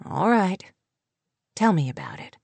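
A woman voicing a bewildered, stern man who speaks in a lowered, firm and terse voice in an audiobook. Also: wildly swooping pitch, unhurried, gravelly, a little mellow, breathy edge, dry recording, exaggerated voice. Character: bewildered stern man, patient but growing angry.

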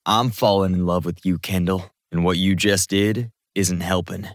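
Brief: male narrator voicing a relaxed, joking young man with a low voice. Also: moderate pace, dry recording, clean studio sound. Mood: teasing. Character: teasing, affectionate young man.

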